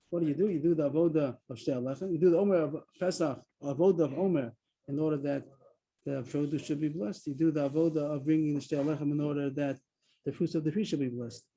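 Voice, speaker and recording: A man leads a Talmud class over a video call. His voice is very dark and mellow with a husky edge, and he sits a little high in pitch. He explains the text step by step and stresses key words. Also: low-quality recording. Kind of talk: online Talmud lesson. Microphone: video call mic.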